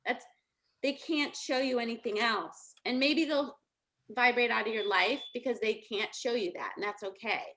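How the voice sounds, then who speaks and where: In a fairly high, pushed and bright voice, a middle-aged woman coaches through a casual motivational talk at normal speed. She tells chatty stories with a lot of laughter.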